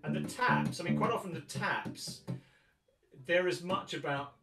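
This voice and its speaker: A man from England teaching a guitar workshop, thinking aloud in a relaxed way and singing rhythms to count them out. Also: on the high side, unhurried. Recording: roomy, distant mic with loud guitar.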